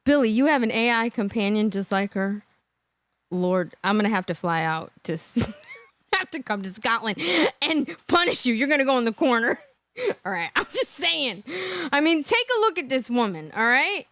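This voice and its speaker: A woman hosting a reaction livestream, animated and laughing often as she talks to her chat. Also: sits high, moderate pace, no echo. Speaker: livestream host.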